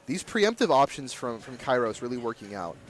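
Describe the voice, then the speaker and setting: A man's voice: mid-range voice, very animated, fairly quick. A young man doing casual, chatty live commentary on a fighting game tournament, laid-back and slangy. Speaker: esports commentator.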